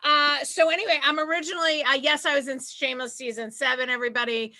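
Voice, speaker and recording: A woman's voice: sits high, steady tone, quick pace, pushed and bright. A woman with a Boston accent doing a stand-up set over a video call, brash and self-mocking. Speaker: comedian.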